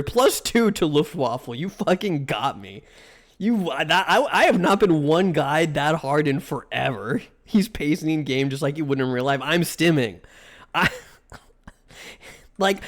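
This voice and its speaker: Young man ranting casually on stream. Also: fairly high pitch. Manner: rambling, swears a lot, gets worked up ranting. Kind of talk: casual live-stream chat.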